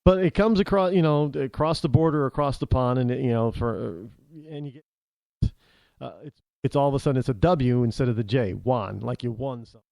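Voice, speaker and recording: A man's voice: mid-range voice, a little fast, vocal fry, darkish tone, no room sound. A man with an American accent hosting a talk radio show, rambling through an opinionated monologue with frequent restarts and asides. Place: New England.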